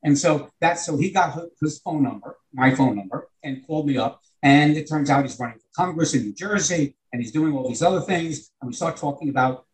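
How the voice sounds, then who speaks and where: A man's voice: fairly high pitch, fairly quick, hardly any pauses, rough recording. An older man with a New York accent, a retired teacher telling a long, earnest anecdote in conversation. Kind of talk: conversational storytelling.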